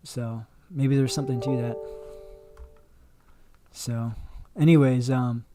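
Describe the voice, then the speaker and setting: A man's voice: medium pitch, fairly even intonation, takes it slowly, mellow, soft background music. A man hosting a casual livestream, rambling through chat questions with many fillers and restarts. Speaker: livestream host. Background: dog barking faintly.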